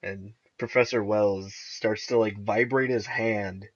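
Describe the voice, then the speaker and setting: A young man co-hosting a podcast in casual chat, excitedly recapping TV episodes and often laughing as he retells scenes. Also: lowish voice, takes it slowly, husky. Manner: excitable, laughs often, acts out characters' lines. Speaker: podcast co-host. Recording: dull lo-fi recording.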